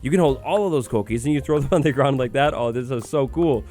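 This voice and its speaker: Excitable man doing gameplay commentary. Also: mid-range voice, fast talker, faint music behind. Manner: excitable, upbeat, talks to the game creature. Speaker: gaming video host.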